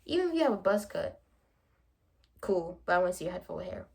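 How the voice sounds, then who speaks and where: Young woman, gravelly voice, casual vlog chat, playful, acts out both sides. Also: fairly low pitch, very animated, fast talker, a little mellow. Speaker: vlogger. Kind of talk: casual chatty vlog monologue.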